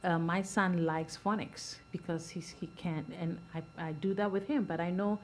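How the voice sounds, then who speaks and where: A middle-aged woman on a school board speaking earnestly at a public meeting, rambling with many restarts and soft laughs. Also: lowish voice, fairly even intonation, normal speed, slight background noise.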